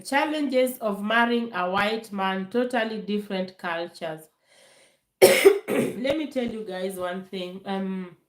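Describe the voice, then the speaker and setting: Woman vlogger, slow and animated, telling stories in a live Q&A, echoey room. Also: medium pitch. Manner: chatty, animated, acts out voices in quotes, many fillers. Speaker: vlogger answering viewer questions. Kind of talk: casual live Q&A storytelling.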